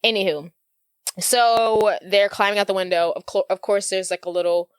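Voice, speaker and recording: A woman's voice: mid-range voice, moderate pace, smooth, no echo, studio quality. A woman co-hosting a podcast, casually retelling a movie plot, acting out the lines and saying "like" often. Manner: animated storyteller, acts out quotes, lots of "like". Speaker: podcast co-host.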